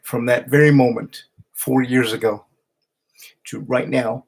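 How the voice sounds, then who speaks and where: Speaking directly into a camera, a man records an emotional video message in a gravelly, slightly husky, mid-range voice with a steady tone. He halts often, stopping and starting over as he goes.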